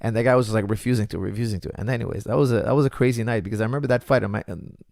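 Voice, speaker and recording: A middle-aged man, a coach, talking casually to viewers and telling stories in an animated way, acting out what others said and using many fillers. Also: lowish voice, racing, vocal fry, dry recording, studio quality. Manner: animated storytelling, acts out quotes, many fillers. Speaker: coach answering viewer questions. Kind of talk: casual livestream Q&A.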